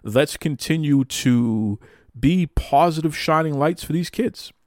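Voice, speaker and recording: A man hosting a podcast, chatting casually in animated, mock-outraged banter. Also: fairly high pitch, slow pace, no room sound, clean studio sound. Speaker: podcast host. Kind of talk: casual chat.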